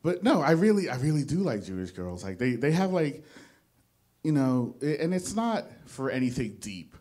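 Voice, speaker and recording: A man's voice: mid-range voice, big pitch swings, moderate pace, darkish tone. A young man doing a stand-up comedy set, rambling and self-deprecating, often stopping and restarting his sentences. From New Jersey. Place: small studio with a live audience.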